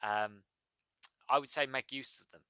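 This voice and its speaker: A British man talks through his podcast in a chatty, rambling way, drifting from point to point. His tone is bright and clear. The sound is dry and close, with no room around it. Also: medium pitch, fairly even intonation, moderate pace, no room sound. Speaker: podcast host. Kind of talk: casual solo podcast monologue.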